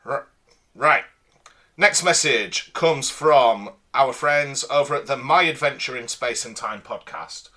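A man's voice: medium pitch, slow pace, bright, forceful tone. A man cohosting a casual podcast, teasing his cohost and reading out listener messages. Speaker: podcast co-host.

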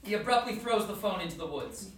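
A woman's voice: medium pitch, animated, fast talker. A woman narrating stage directions in a plain, matter-of-fact reading. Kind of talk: scripted narration. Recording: very echoey, distant mic with clear clicks.

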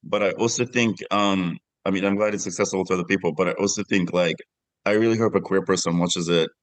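A man's voice: deep voice, steady tone, fast talker, no echo. A middle-aged man, a film director, answering interview questions reflectively with frequent restarts.

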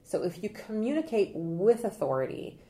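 Woman, trial consultant, interview guest, mellow, lively, laughs while explaining. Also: medium pitch, normal speed. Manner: energetic, animated, acts out quotes with laughs. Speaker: trial consultant and presentation coach.

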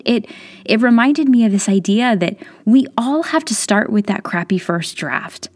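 A woman's voice: medium pitch, darkish tone. A woman in her thirties hosting her own podcast, talking straight to listeners in a chatty, encouraging way with lots of casual fillers. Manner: chatty and encouraging, many "like" and "you know" fillers. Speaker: podcast host. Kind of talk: solo podcast monologue.

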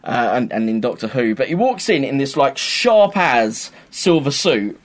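A man's voice: mid-range voice, a little slow. Young guy rambling in a podcast chat, voice bouncing all over. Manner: animated, rambling, laughs often. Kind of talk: casual chat.

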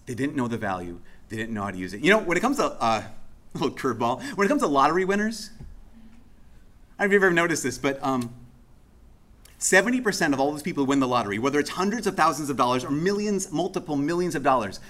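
A man's voice: on the high side, big pitch swings, quick pace, fairly bright tone. A man preaching a sermon in a casual, conversational way, acting out the speech of the people he tells about. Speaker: pastor.

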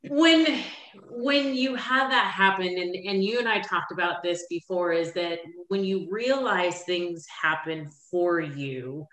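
A middle-aged woman hosting a podcast, chatting easily and quick to get teary and laugh. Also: on the low side, a bit bright, echoey room. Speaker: podcast host. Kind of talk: casual podcast interview.

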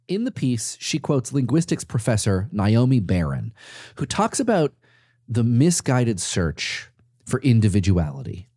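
A man hosting a podcast, narrating from a script and interviewing a guest with playful, animated storytelling. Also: a little slow. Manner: playful, animated storytelling with sudden leaps in pitch. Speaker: podcast host.

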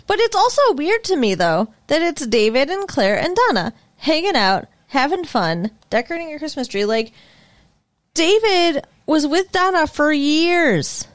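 Animated woman recapping a TV episode. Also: high-pitched, unhurried. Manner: animated, profane, conversational. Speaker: podcast co-host. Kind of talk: casual TV recap chat.

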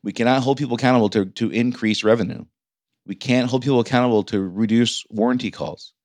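A man's voice: on the low side, no echo, studio quality. A middle-aged man hosting a solo business podcast, talking informally and often stumbling and restarting his sentences. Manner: informal, stumbling over words with many restarts. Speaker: podcast host and business coach.

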